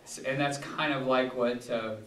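A man's voice: medium pitch, steady tone, normal speed, fairly bright tone. A man, a pastor, leading a Bible study in a casual, rambling way with frequent restarts. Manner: rambling, digressive, many restarts and fillers. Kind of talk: casual teaching talk. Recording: echoey room, distant mic.

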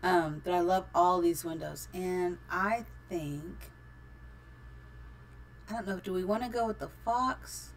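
A woman's voice: fairly low pitch, slow, a little hiss or hum. A middle-aged woman casually commenting on her live-streamed building game, chatty and giggly, thinking aloud as she goes.

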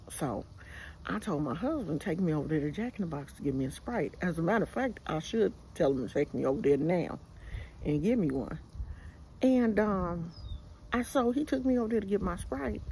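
Animated older Bay Area woman. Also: lowish voice, a little hiss or hum. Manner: animated, chatty, slangy storytelling. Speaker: vlogger. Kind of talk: casual storytelling to viewers. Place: outdoors in a home yard. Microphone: phone camera held by speaker.

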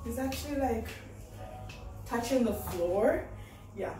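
A woman's voice: a little high, animated, takes it slowly, warm tone, recorded from a distance, faint music behind. A young woman chatting to camera in a casual vlog, giggly and emotional, laughing often. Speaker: vlogger. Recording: echoey room.

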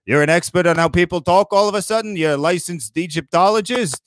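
A comedian playing a kvetching old Moses. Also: male voice, sits high, fairly bright tone, dry recording. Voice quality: kvetching, sarcastic, rapid-fire. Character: Moses as a grumpy old Brooklyn Jewish man. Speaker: roast host. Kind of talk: comedy roast in character.

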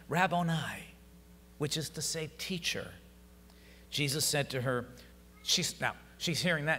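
A male pastor preaching an Easter sermon, building from quiet, close talk to loud shouted passages, with a congregation answering. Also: mid-range voice, long reverb tail, a little hiss or hum. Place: church sanctuary.

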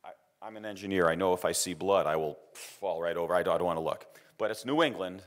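A man's voice: sits low, quick pace. A middle-aged man giving an engineering lecture, telling a personal story with repeated words and acted quotes. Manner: anecdotal, repeats words, quotes others in raised voice.

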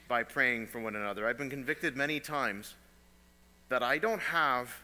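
A man preaching a sermon as pastor, earnest, repeating phrases and moving between soft and emphatic delivery. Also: mid-range voice, in a large hall. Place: church sanctuary.

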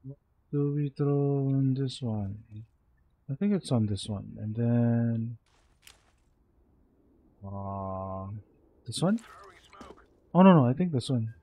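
A man's voice: medium pitch, expressive, takes it slowly, pauses often, dull audio. A sleepy young man with a Filipino accent, mumbling to himself as he streams a game. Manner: mumbling to himself, code-switching into Tagalog. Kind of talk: casual gameplay commentary.

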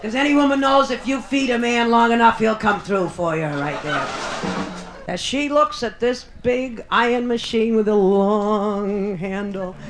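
A woman's voice: a little high, a little slow, music in the background. A woman stand-up comedian doing a bawdy, brassy live routine, punchy and drawn out for the crowd. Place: nightclub stage. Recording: echoey live club recording with audience. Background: audience laughter.

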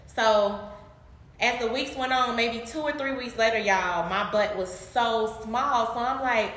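A woman in her late twenties chatting casually to her viewers from home, animated and laughing, calling them y'all. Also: mid-range voice, fairly quick. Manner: animated, laughing, acting out her past reactions. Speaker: vlogger. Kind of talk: casual chat to camera. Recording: echoey room.

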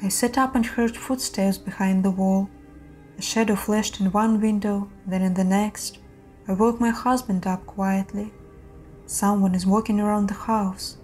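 A woman reads horror stories in a steady, measured voice. Her tone is mellow and soft-edged. Faint music plays underneath. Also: medium pitch. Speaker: narrator. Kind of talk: scripted horror story narration.

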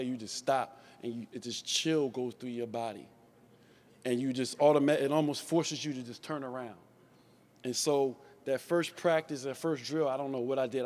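A man's voice: mid-range voice, a little mellow. Man telling stories at a memorial. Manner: storytelling, repeats and restarts words, laughs along. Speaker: former player giving a tribute speech. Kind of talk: anecdotal memorial speech.

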